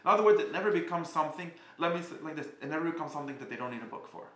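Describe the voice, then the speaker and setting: A man giving a casual spoken class, halting and often restarting as he searches for words. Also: a little high, expressive, a bit bright, echoey room. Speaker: teacher.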